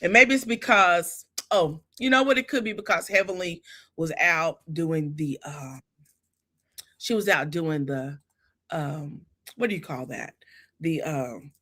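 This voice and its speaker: Female livestream host, bright and punchy, casual chat with a lot of "honey" and "child.". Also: low voice, a little slow. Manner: animated, Southern-style endearments like honey and child. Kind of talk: casual live chat recap.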